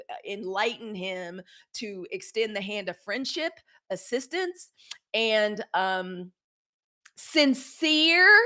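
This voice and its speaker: This woman speaks in a mid-range voice that comes across pushed and bright. She's giving casual live-stream commentary on a news show, talking straight to her chat with frequent cursing.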